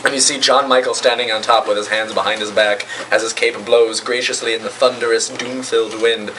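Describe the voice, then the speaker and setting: A man improvising an imaginative story for friends, with animated, playful narration. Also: mid-range voice, brisk. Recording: distant mic with faint noise.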